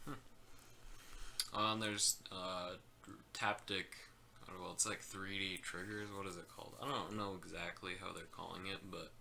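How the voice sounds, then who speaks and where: A man's voice: low-pitched, little pitch movement, normal speed, creaky, pushed and bright, slight background noise. A man co-hosting a casual gaming podcast, hedging and trailing off into "like" and "I don't know.". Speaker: podcast co-host.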